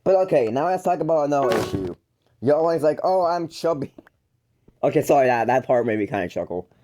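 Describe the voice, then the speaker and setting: Talking fast and animatedly at a medium pitch, a man calls out his older brother in a YouTube rant straight to camera. He's mocking and exasperated, and he rambles, stumbling and restarting often against background noise.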